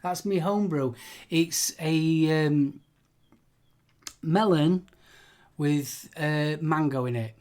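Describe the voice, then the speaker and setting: A man's voice: on the high side, slow pace, pauses often, darkish tone. A man in a casual live stream chat, playful and jokey, sometimes trailing off to find words.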